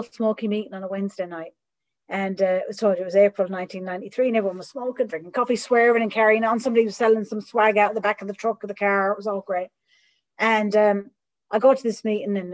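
A middle-aged woman giving a candid personal recovery talk, animated and acting out the voices of people she quotes. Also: medium pitch, poor audio. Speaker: recovery speaker.

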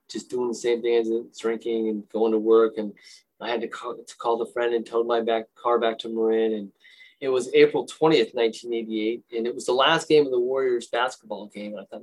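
Husky man telling a confessional story. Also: mid-range voice, flat delivery, normal speed, rough recording. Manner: earnest, confessional, emotional storytelling. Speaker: recovering alcoholic sharing his story. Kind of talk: personal recovery talk.

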